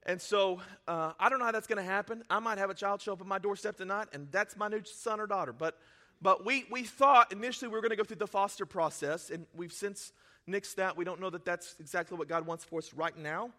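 A male pastor preaching a sermon, emotional and self-deprecating, swinging from quiet confiding to near-shouting. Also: sits high, a little fast, few pauses. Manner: self-deprecating, laughs at himself.

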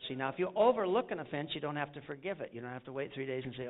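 A man from the United States preaching a sermon, pitched a bit high, calling out to the congregation and telling folksy stories. The sound is thin and phone-like, as if from a tinny line. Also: lively intonation, very fast. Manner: call-and-response, folksy storytelling. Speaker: pastor.

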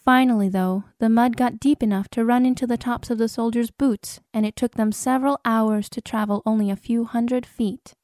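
A woman's voice: a little high, fairly even intonation, moderate pace, hardly any pauses, a little mellow, no echo, clean studio sound. A woman narrating a true wartime story as an audiobook in a grave, dramatic storytelling manner, with a cinematic score. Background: cinematic music score.

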